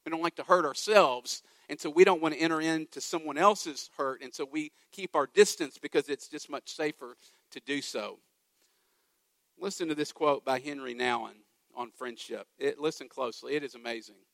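A man's voice: a little high, moderate pace, gravelly, fairly bright tone, dry recording. A man preaching a sermon as pastor, emphatic, with repeated lines and rhetorical questions.

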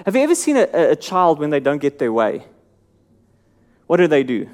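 A man preaching a sermon, earnest and searching, asking the listeners questions and dropping his voice low and soft to stress a point. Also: expressive, moderate pace, pauses often.

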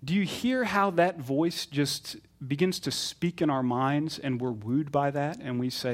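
A middle-aged pastor preaching a sermon in an earnest manner that builds to fervent emphasis. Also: male voice, fairly high pitch, measured pace, hardly any pauses.

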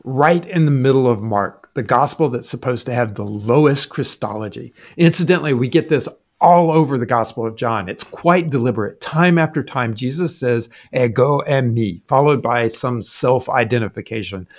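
A man's voice: medium pitch, normal speed, few pauses. A man co-hosting a Bible study podcast, reading a scripted explanation with emphatic turns at key points. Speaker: podcast co-host.

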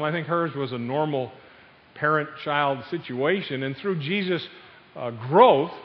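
An older man preaching a sermon, telling family stories with sudden loud outbursts. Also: fairly high pitch. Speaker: pastor. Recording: dull sound with long hall reverb.

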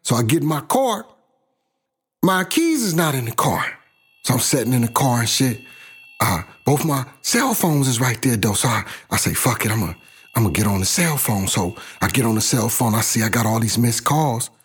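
A man's voice: mid-range voice, sing-song, moderate pace, slightly rough. A middle-aged man from South Los Angeles telling his own life story in a blunt, profane, casual way.

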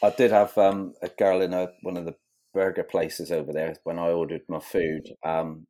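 A man's voice: low voice, flat delivery, moderate pace, dark tone. An English man chatting casually as a podcast guest, telling rambling stories. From England. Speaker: guest modeller.

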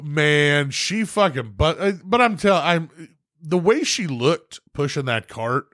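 On the high side and taking his time, this man hosts a laid-back podcast chat, telling stories with plenty of swearing and laughter, animated throughout. The audio is studio quality with no room sound.

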